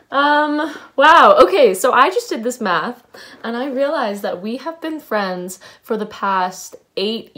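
A woman's voice: medium pitch, fairly bright tone. A young woman sending a longtime friend birthday wishes in a casual video message, bubbly and reflective with laughs between thoughts. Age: young adult.

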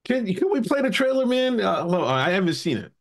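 A man hosting a casual podcast, telling stories with animated, profane banter. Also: high-pitched, fairly quick. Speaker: podcast host.

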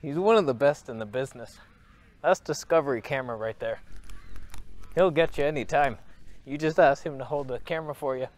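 A man's voice: mid-range voice, brisk. A man chatting playfully outdoors as a camera vlogger, joking at his own expense and slipping into mock narration. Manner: playful, self-mocking banter with mock narration. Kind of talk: joking outdoor vlog chat. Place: outdoors at a beach ridge.

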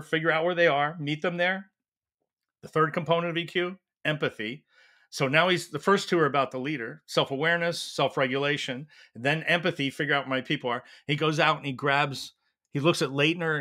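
Animated man telling a coaching story. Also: fairly high pitch. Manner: animated storyteller, acts out quotes. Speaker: leadership professor, guest. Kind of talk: storytelling interview answer.

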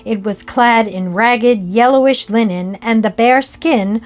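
A woman narrating a classic ghost story in a slow, measured reading voice. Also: a little high, soft background music.

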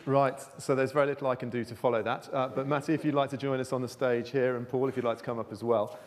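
A man hosting a conference session, calling the speakers up to the stage in a relaxed, informal way. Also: mid-range voice, fast talker, a faint crowd, slight background noise. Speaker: session host. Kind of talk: moderating a conference panel. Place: large lecture hall. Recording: echoey hall reverb.

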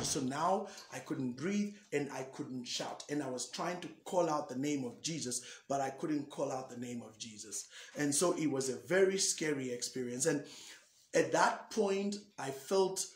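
A man, a pastor, telling a personal testimony in an animated storytelling way, acting out the dialogue. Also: medium pitch, slight background noise. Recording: echoey room.

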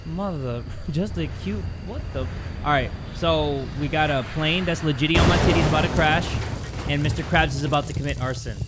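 A man doing let's play commentary as a gaming YouTuber, joking crudely and yelling at the game. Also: on the high side, a little fast, heavy background noise.

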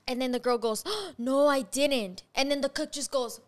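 A woman hosting a podcast, telling a story in a fast, profane, animated casual chat. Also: high-pitched. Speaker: podcast host.

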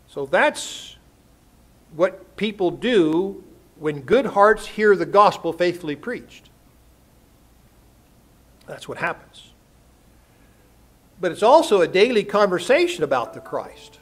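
Older man, preacher, high-pitched voice, folksy, rhetorical questions. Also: sing-song, slow pace, pauses often. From United States. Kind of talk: sermon. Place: church sanctuary.

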